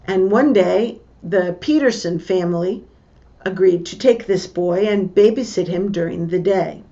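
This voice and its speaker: A woman teacher reading a book passage aloud and stopping to explain what words mean, in a slow, deliberate way. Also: fairly low pitch, dark tone, muffled recording. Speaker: English teacher.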